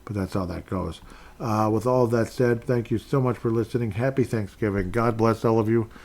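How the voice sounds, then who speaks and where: A man's voice: on the low side, fairly quick, darkish tone. Rambling earnest male podcast host. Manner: rambling, earnest, thanks listeners repeatedly. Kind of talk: casual solo podcast chat.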